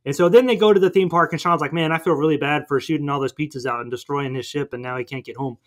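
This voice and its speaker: A man casually recapping a cartoon movie for laughs, acting out squeaky voices as he goes. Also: fairly even intonation, quick pace, a bit bright. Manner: goofy, acts out cartoon voices in his retelling. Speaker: podcast co-host.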